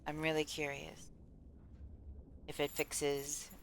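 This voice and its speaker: A woman's voice: low voice, monotone, slow pace, vocal fry, a little hiss or hum. A woman from the United States streaming a game, chatting casually and rambling as she answers her chat. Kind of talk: casual chat while gaming.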